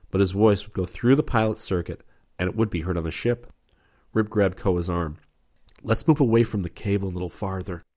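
A man narrating an adventure audiobook in a steady, measured reading. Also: low-pitched.

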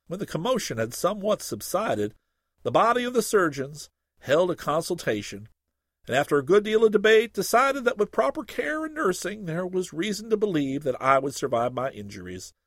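Man, humorous story reading, expressive, lively melody, dry close sound. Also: high-pitched, moderate pace, dry recording.

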